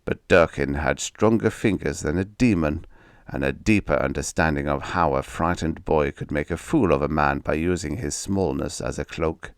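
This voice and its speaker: Low-voiced man narrating a story. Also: dry recording, studio quality. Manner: measured, steady storytelling. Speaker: audiobook narrator. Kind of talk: scripted narration.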